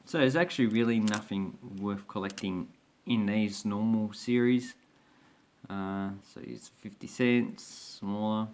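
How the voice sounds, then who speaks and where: A man's voice: fairly low pitch, steady tone, a little slow, a little mellow. A man talking casually through his collection on his own channel, rambling and hesitant with many restarts. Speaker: coin collector vlogger. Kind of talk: casual show-and-tell commentary.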